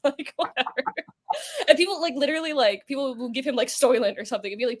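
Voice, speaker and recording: A woman's voice: sits high, rapid-fire. A woman guest on a podcast, chatting casually and telling long rambling stories full of fillers. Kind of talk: casual interview chat.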